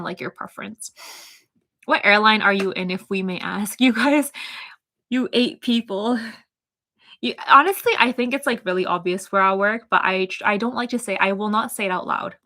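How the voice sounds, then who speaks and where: A young woman with a Toronto accent chats casually on a live stream in a medium-pitched voice that sounds pushed and bright. She reads out her chat and rambles, with lots of fillers and little giggles.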